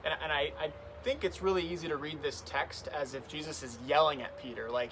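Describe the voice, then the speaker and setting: A man's voice: a little high, fairly even intonation, a little fast, hardly any pauses, a bit bright, slight background noise. A young man speaking as a youth pastor, telling a story in an earnest, conversational way. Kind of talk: youth devotional talk.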